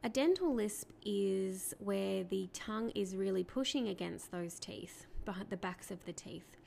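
A woman speech therapist explaining to parents in a clear, patient teaching talk, asking rhetorical questions along the way. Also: mid-range voice, unhurried, darkish tone, a little hiss or hum.

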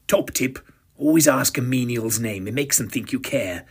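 A man's voice: mid-range voice, lively intonation, normal speed, husky. A man in his fifties narrating a first-person audio drama with a pompous, self-satisfied, arch manner. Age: 50s.

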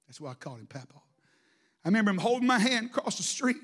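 A middle-aged man preaching a sermon, telling emotional stories that swing from hushed to shouting. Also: high-pitched, very animated, fast, breathy edge. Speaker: pastor.

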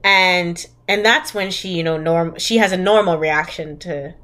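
Young woman podcast cohost, bright voice, sarcastic movie recap, keeps laughing and doing the characters' lines. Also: lowish voice, measured pace. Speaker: podcast co-host. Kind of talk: casual comedic movie recap.

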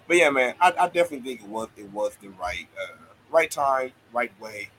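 A man's voice: medium pitch, sing-song, brisk, a bit bright, a little hiss or hum, rough recording. A man co-hosting a casual wrestling chat, joking around and stumbling over repeated words. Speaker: podcast co-host.

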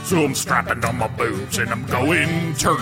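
A man's voice: medium pitch, a little slow, lightly acted. A man voicing an over-eager announcer in a spoof radio commercial. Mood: hyped. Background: music.

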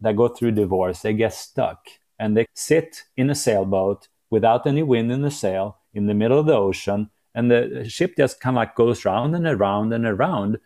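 A man hosts a podcast interview with an earnest, encouraging manner. His voice sits low and mellow, with a relaxed warmth to the tone. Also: moderate pace, hardly any pauses. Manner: earnest, encouraging, uses metaphors. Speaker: podcast host. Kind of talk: interview conversation.

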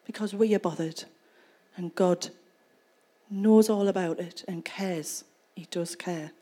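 A woman's voice: medium pitch, slow pace, mellow. A woman preaching a sermon in church, retelling a scripture passage and explaining it in a conversational way. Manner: conversational storytelling, reads scripture then explains it.

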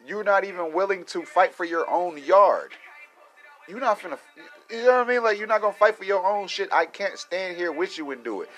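A man's voice: sits high, animated, a little fast, a bit bright. A young adult man, ranting casually to his viewers with lots of swearing and laughter. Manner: profane, rambling, laughs often. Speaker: vlogger.

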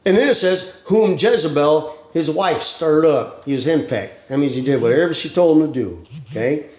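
A man, a pastor preaching a sermon in a folksy, plainspoken way with slang and quick asides. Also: a little high, a little mellow, echoey room.

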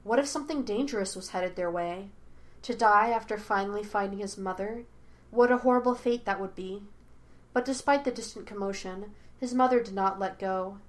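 Woman narrating a story, even-paced. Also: mid-range voice. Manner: measured, expressive storytelling. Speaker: podfic reader. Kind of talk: audiobook narration of fan fiction.

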